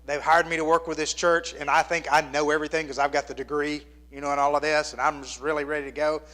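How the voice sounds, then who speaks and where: Earnest man preaching, slightly high voice. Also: flat delivery, quick pace. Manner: earnest storytelling that drops to a hushed near-whisper at tender moments; plainspoken and conversational with the congregation. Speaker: pastor. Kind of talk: sermon.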